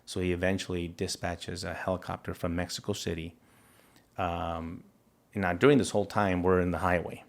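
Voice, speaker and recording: Interview guest: man, very low voice, monotone delivery, earnest halting storytelling. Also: gravelly. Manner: earnest, halting retelling with restarts and quoted dialogue. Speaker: interview guest, federal agent. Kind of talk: personal account in an interview.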